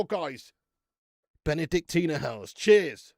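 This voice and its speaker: Young male streamer, casual and banter-heavy, animated delivery, dry close sound. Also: on the high side, moderate pace, dry recording. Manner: chatty, banters with viewers, swears casually. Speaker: live-stream beer reviewer. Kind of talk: casual live-stream chat.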